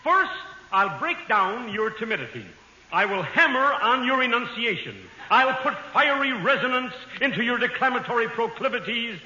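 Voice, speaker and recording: A pompous, bald professor of speech holds forth in a high, lively voice. The sound is bright and sharp. It comes from an old radio broadcast, ringing in a large hall. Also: male voice, moderate pace, dull audio, heavily acted. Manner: pompous, grandiloquent. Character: pompous bald male professor of public speaking. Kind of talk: 1940s radio comedy acting.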